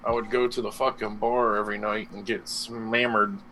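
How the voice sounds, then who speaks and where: A man's voice: lowish voice, little pitch movement, normal speed, pushed and bright, rough recording. A young man on a casual live-stream chat show, trading laid-back, crude banter. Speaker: co-host.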